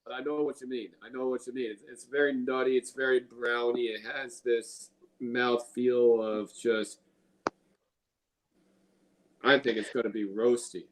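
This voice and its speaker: A man's voice: mid-range voice, little pitch movement, unhurried, poor audio. A man from Illinois hosting a casual beer review, enthusiastic and profane, often repeating his phrases. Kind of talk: casual beer tasting chat.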